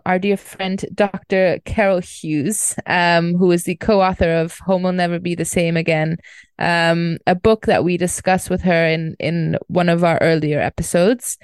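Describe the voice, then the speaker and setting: A woman co-hosting a podcast, talking casually in a gentle, hesitant way with frequent pauses and fillers. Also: fairly low pitch, smooth, dry recording. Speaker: podcast co-host.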